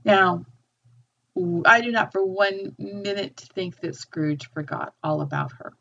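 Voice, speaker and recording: Husky-voiced woman teaching literature. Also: fairly low pitch, measured pace, a bit bright. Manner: thoughtful, reads quotations with feeling. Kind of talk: lecture with read-aloud passages. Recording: dull lo-fi recording.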